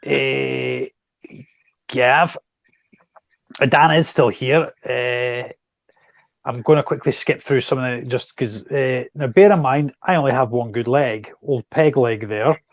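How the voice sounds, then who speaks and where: A man's voice: medium pitch, slow pace, vocal fry, long pauses, no echo, lo-fi sound. A man with a Scottish accent hosting a casual chat, teasing and joking with his guests. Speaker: host.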